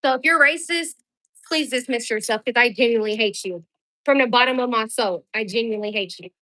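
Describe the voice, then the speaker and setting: A woman's voice: fairly high pitch, brisk, pushed and bright, dry recording. A young woman from Louisville, a mother and content creator chatting bluntly and directly with her viewers at home. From Louisville, Kentucky. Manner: blunt, talkative, speaks straight to viewers. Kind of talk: casual live chat with viewers.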